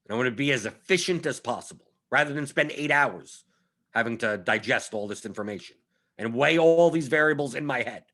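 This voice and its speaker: This fantasy sports analyst, a young adult man, speaks at medium pitch with a fairly bright tone and a fairly quick delivery. Hosting his live stream, he talks in a casual, emphatic way, going over the same points again and frequently asking "right?"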